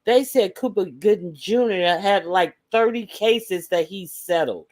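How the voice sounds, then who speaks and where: A woman's voice: medium pitch, unhurried, a little mellow. A woman in casual chat, blunt and opinionated.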